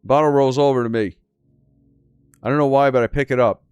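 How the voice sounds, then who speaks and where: A man's voice: medium pitch, steady tone, fairly quick, a little mellow, smooth, dry recording, dull audio, soft background music. A man hosting a gaming channel, reading a game's story aloud with casual, crude commentary and disbelieving asides.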